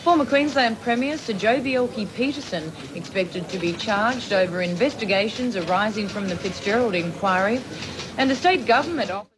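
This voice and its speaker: A stiff, posh female newsreader reads the bulletin, played by a woman putting on the voice. Her delivery is formal and clipped, at a middling pitch. Clear hiss and noise sit under this old archive recording. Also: expressive, moderate pace, lightly acted. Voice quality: posh put-on voice. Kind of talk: mock news bulletin.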